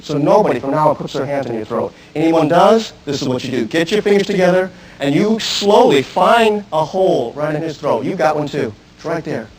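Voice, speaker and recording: Self-defense instructor, male, high-pitched, intense, talks straight at a live seminar crowd. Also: animated, a little fast, hardly any pauses, darkish tone, a little hiss or hum, rough recording. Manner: intense, direct, questions the audience. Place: room with an audience. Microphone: archive video recording.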